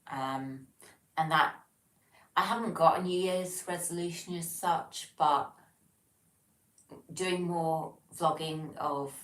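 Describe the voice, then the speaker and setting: A woman from England with an English accent and a low, fairly bright voice hosts a livestream from home, where she lives alone. The audio is poor, roomy and distant-miked, and she rambles casually while reading out viewer comments, full of ums and self-corrections.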